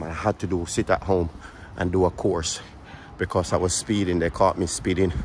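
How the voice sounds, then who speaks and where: Low-voiced brummie guy walking and vlogging on his phone, a bit out of breath, faint traffic behind. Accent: Birmingham English. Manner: chatty, joking, repeats phrases. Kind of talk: walking vlog, casual chat to camera. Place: outdoors on city streets.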